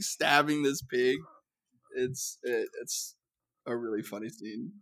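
A man with an average pitch, chatting on a movie podcast. He retells a favorite scene haltingly, stumbling over fillers as he goes. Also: fairly bright tone. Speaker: podcast co-host. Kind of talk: casual chat.

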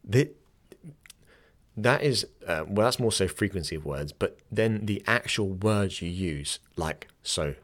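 A man's voice: sits low, expressive, unhurried, few pauses, fairly bright tone. A young man hosting a podcast and teaching yoga, talking casually, often restarting his sentences and laughing easily. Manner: chatty, self-correcting, laughs easily.

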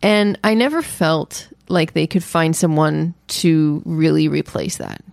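A woman co-hosting a podcast, chatting in an animated, storytelling way. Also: sits low, measured pace, gravelly, no room sound, studio quality. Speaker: podcast co-host. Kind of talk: casual chat.

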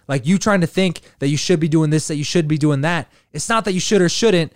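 A man's voice: on the high side, fairly quick, smooth, dry recording, studio quality. A man hosting a podcast, telling a rambling casual story full of fillers and swearing. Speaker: podcast host.

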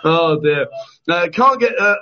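A man's voice: on the high side, animated, measured pace, pushed and bright, slight background noise. A man hosting a live chat show, teasing his guests and laughing often as he reads out viewer comments. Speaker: host. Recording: dull lo-fi stream audio.

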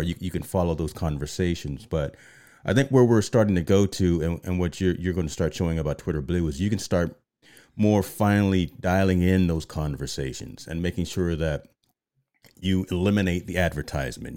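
A man hosting a casual live-streamed chat show, animated and often repeating words as he starts a sentence. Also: low voice. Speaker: show host.

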